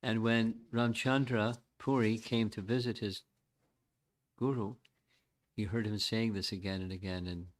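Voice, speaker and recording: Older male teacher, low-pitched, measured devotional lecture, reflective delivery. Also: fairly even intonation. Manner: measured, reflective, chants verses slowly. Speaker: spiritual teacher.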